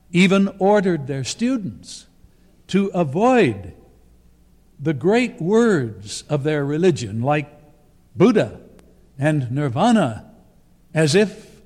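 A man delivering a sermon in a slow, deliberate way, pausing between short phrases. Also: a little high, a little mellow. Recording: long reverb of a large hall.

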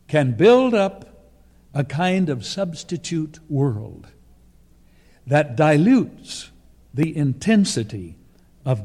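Slow, deliberate man preaching in a reverberant hall. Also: a little high, mellow. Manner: slow, deliberate delivery with pauses between phrases. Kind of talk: sermon. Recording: long reverb of a large hall.

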